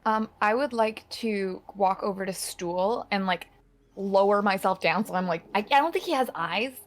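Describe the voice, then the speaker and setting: A woman's voice: mid-range voice, moderate pace. A woman player in a tabletop game, playful and full of questions. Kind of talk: casual tabletop play.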